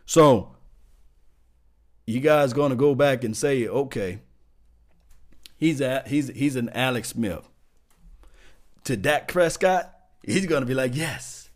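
A man hosting a sports talk show, arguing his points with emphatic rhetorical questions and everyday comparisons. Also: medium pitch. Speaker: podcast host.

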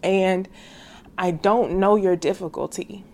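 A woman's voice: medium pitch, steady tone, takes it slowly, a little mellow. Earnest woman hosting a faith podcast. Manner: earnest, heartfelt, calls listeners sis; casual slangy speech. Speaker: podcast host.

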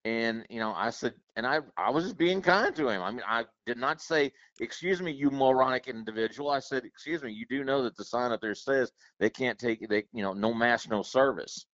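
A man's voice: medium pitch, lively intonation, a little fast, few pauses, a bit bright. A man co-hosting a podcast, chatty and telling anecdotes while acting out other people's lines. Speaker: podcast co-host. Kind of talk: casual comedic storytelling. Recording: dry, dull lo-fi podcast audio.

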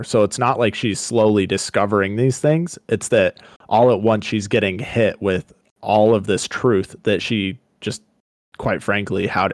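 Earnest lower-voiced man on a podcast. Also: no echo, studio quality. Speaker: podcast co-host. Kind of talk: casual book discussion.

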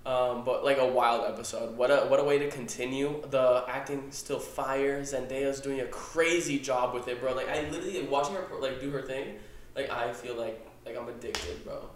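A young man co-hosting a podcast, talking fast and excitably and dropping "bro" into almost every sentence. He swears freely, and the room gives his voice a noticeable echo. His pitch sits in an ordinary middle range. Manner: excitable, swears a lot, says "bro" constantly. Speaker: podcast co-host. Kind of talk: casual chat. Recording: echoey room.

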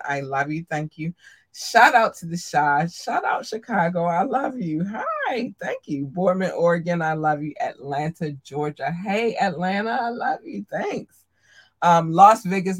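Chatty woman podcast host giving shout-outs. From Maryland, USA. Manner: affectionate, chatty, jumps to a squeaky high voice on greetings. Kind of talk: casual livestream shout-outs.

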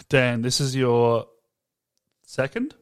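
A man's voice: medium pitch, lively intonation, drawn-out words, clean tone. A man co-hosting a podcast in casual chat, often laughing and trailing off mid-sentence. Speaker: podcast co-host.

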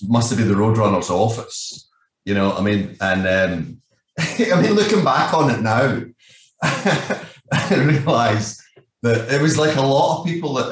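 A Scottish man in his fifties, a guest telling long rambling anecdotes, swearing freely and leaning on "you know what I mean". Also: medium pitch. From Scotland. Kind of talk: casual storytelling. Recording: echoey room, distant mic.

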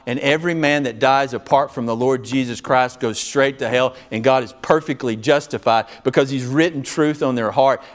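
A male pastor preaching a sermon, swinging between loud, raised passages and hushed, low ones.

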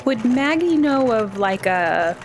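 A woman's voice: fairly high pitch, big pitch swings, slow pace, soft background music. A woman playing a tabletop game, speaking hesitantly in character with many fillers. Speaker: player. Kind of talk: in-character role-play.

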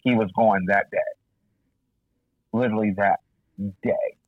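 Animated profane man telling a story. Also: on the low side, a little slow, no room sound, narrow, tinny audio. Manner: animated, profane, acts out quoted voices. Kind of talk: casual storytelling chat.

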